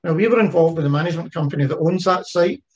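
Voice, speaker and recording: A man's voice: a little high, racing, muffled recording, a little hiss or hum. A man giving an online presentation about a heritage ship project, talking conversationally with frequent fillers and restarts. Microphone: video call.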